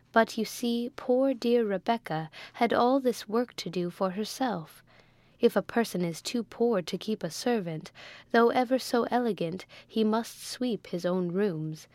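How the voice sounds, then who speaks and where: Woman, audiobook narrator, classic novel, measured and wry, dry close recording. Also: medium pitch, darkish tone, dry recording.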